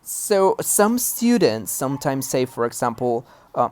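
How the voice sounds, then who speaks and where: A woman's voice: a bass voice, animated, a little slow. A woman teaching English grammar and pronunciation in a recorded lesson, explaining patiently step by step and checking in with the learner.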